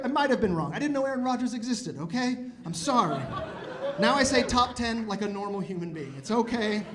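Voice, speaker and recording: A man in his thirties doing a stand-up comedy set in a comedy club, with animated, exasperated ranting that climbs to loud outbursts. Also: sits high. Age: 30s.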